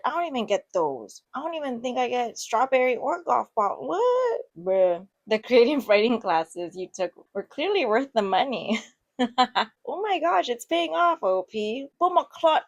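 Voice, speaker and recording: Giggly woman reacting to online posts. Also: on the high side. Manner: chatty, giggly, quick reactions. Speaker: online story reader and commentator. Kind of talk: casual reading and reacting.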